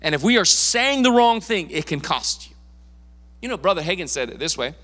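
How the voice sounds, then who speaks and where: A male pastor preaching a sermon in a church, casual and emphatic, with quick asides and repeated words. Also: fairly high pitch, very animated, a bit bright, husky. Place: church sanctuary. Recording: long reverb of a church hall.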